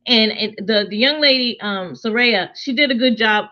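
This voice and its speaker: High-voiced woman, dull lo-fi sound. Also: moderate pace. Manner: emphatic, opinionated, rhetorical questions. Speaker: co-host reviewing a TV show. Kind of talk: casual chat.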